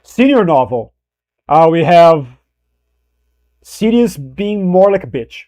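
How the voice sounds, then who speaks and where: Rambling man with a higher voice. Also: sing-song, takes it slowly, pauses often, a little mellow. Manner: rambling, restarts and self-corrections. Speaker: streamer. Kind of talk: casual livestream chat.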